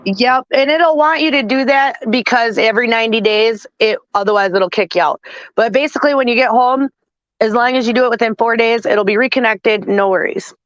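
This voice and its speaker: A chatty woman hosting a livestream, talking in a slightly high voice. She explains things patiently, step by step. The sound is dry and a little dull. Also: brisk, dry recording. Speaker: stream host. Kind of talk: casual livestream chat.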